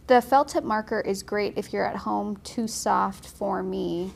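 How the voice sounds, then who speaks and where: Chatty woman teaching watercolor, gravelly voice. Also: mid-range voice, a little slow, a little hiss or hum. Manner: chatty, encouraging, laughs often. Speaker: watercolor instructor. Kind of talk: casual painting tutorial.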